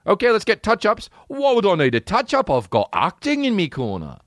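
A man's voice: huge pitch swings, fairly quick, no echo, studio quality. Man doing a pompous British actor. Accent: British, put on. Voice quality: high, self-satisfied, affected. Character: pompous British actor playing a mobster, male.

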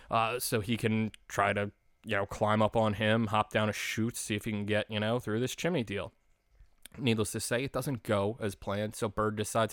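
Male podcast host, late twenties, low-pitched, dry close sound, casual chatty recap voice. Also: dry recording. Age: late 20s. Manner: chatty, animated storyteller. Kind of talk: casual recap of a holiday special.

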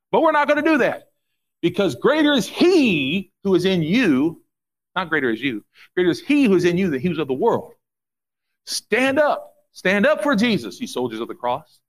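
Fervent preaching man, lively high voice. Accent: Midwestern US. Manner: fervent, repetitive preaching with sudden asides. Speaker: pastor. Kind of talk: sermon.

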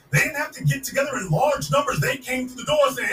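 A man's voice: very high-pitched, lively intonation, moderate pace, hardly any pauses, bright, forceful tone, reverberant, far from the mic, poor audio. A man hosting a podcast, giving a fiery, sarcastic political commentary monologue and hammering points home by repeating them. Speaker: podcast host.

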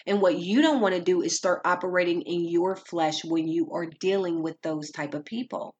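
A woman giving calm, earnest faith-based advice on dealing with difficult people, in a measured teaching manner. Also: lowish voice, dull audio, slight background noise. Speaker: Christian speaker.

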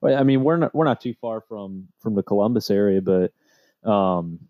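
A man's voice: lowish voice, normal speed, no room sound, highs cut off. A man from the American Midwest, a podcast host chatting casually with easygoing, joking banter. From Midwest United States. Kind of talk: casual chat.

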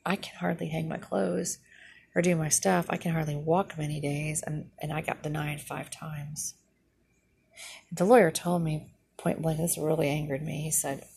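A woman's voice: low voice, level tone, moderate pace, gravelly, darkish tone, a little hiss or hum. A middle-aged woman, a former nurse, venting indignantly in a casual monologue and retelling conversations. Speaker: retired nurse vlogger.

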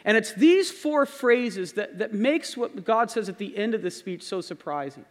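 A pastor preaching a sermon in a church, earnest and repeating key phrases for emphasis. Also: male voice, sits high, animated, moderate pace. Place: church sanctuary. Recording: long hall reverb.

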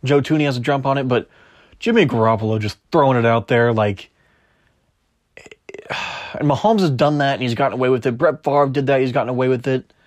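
Male podcast host, mid-pitch, opinionated sports talk that argues with itself. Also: a little fast, long pauses.

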